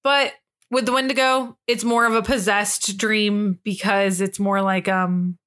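A young woman co-hosting a podcast, telling a story in an animated, casual way, swearing freely and acting out the quotes. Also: medium pitch, unhurried. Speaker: podcast co-host.

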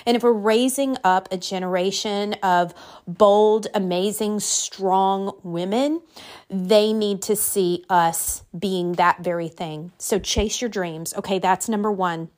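A woman's voice: mid-range voice, steady tone, takes it slowly, darkish tone. Woman life coach, motivational to-camera talk, emphatic and direct, mid-range voice, numbered takeaways. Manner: repeats phrases for emphasis.

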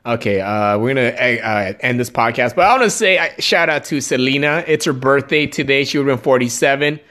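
A young man on a casual podcast with an average-pitched voice. He talks in a laid-back, slangy way and agrees easily. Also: brisk, pushed and bright. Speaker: podcast co-host.

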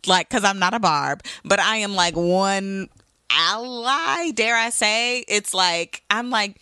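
A young woman co-hosting a podcast in casual chat, expressive and profane with quick reactions. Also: mid-range voice, smooth, no room sound, clean studio sound. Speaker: podcast co-host.

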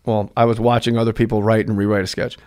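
A man's voice: fairly low pitch, fast talker, clean tone. A middle-aged man telling comedy stories as a podcast guest, acting out voices as he goes. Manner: animated, acts out voices in his stories. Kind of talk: casual storytelling.

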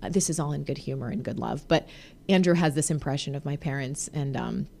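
A woman in her thirties hosting a podcast, chatting casually with her husband, animated with frequent laughs and fillers. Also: a bass voice, fairly quick, gravelly. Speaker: podcast host.

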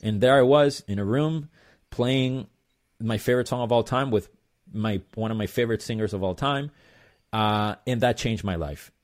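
A man's voice: mid-range voice, moderate pace. A male percussionist, a guest in an interview, telling his story in a casual, rambling way with plenty of fillers. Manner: rambling, loose, lots of fillers and "blah blah".

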